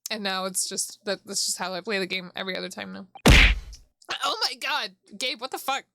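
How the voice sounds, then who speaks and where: A woman's voice: medium pitch, a little fast, creaky, pushed and bright. A woman streamer chatting casually while playing a game, giggling and swearing freely. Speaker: VTuber streamer.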